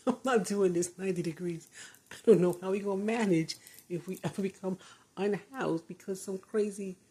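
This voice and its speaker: Older woman, low husky voice, casual chat, frequent laughs, home bedroom. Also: a little mellow. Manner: chatty, laughs often, trails off and restarts. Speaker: vlogger. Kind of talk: rambling casual monologue. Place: her bedroom, door closed.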